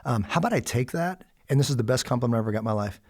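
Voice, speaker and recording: A man from the United States telling a personal story in a conversation, animated and acting out the voices of others. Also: medium pitch, very fast. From Kansas City, USA. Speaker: podcast guest.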